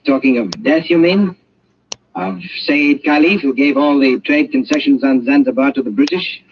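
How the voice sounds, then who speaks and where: An actor playing a young British colonial official who talks in a dry, probing, ironic way, in an old radio drama. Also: male voice, a little high, normal speed, natural voice. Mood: calm, probing. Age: young adult. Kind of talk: 1940s radio drama acting. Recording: dull lo-fi old radio recording, faint hiss.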